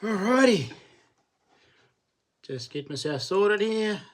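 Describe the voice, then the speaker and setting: A man's voice: high voice, big pitch swings, takes it slowly. A middle-aged man with a New Zealand accent hosting a casual live-stream chat, matey and chatty, greeting viewers by name and laughing often. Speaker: livestream host.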